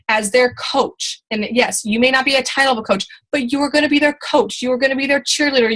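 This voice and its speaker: A woman in her thirties gives a motivational training talk to her team. Her voice sits a little high, and she stays chatty and encouraging, stumbling through restarts and fillers as she goes. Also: fairly bright tone, rough recording. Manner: chatty, encouraging, many fillers and restarts, acts out quoted people. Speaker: team leader giving training.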